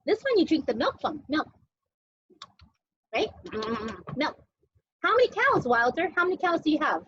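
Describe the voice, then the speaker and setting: A woman's voice: high voice, very animated, moderate pace, fairly bright tone, muffled recording, a little hiss or hum. A young woman teacher cooking at home while teaching small children, talking in a playful sing-song way and making animal sounds.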